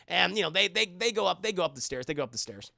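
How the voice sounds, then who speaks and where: A man recapping a movie to his chat in a rambling, crude, animated way. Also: high voice, quick pace, gravelly, no echo, clean studio sound. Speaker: streamer.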